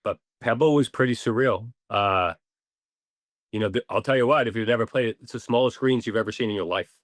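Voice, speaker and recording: Man, podcast guest, casual storytelling, animated, medium pitch, dry. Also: brisk, no room sound. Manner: animated, swears casually, acts out quotes. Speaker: podcast guest, ball marker maker.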